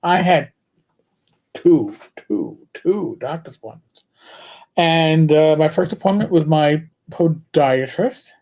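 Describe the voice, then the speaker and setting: A man's voice: on the high side, lively intonation, takes it slowly, darkish tone. An older man hosting a live stream, telling joking, profane stories in easy conversation. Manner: joking and profane, tells stories with lots of restarts. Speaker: show host. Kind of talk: casual live-stream chat.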